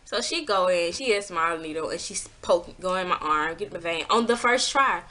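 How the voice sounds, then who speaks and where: A woman telling a personal story in a casual vlog, animated and exasperated, swearing freely and acting out what people said. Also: moderate pace. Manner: acts out quotes with pitch jumps.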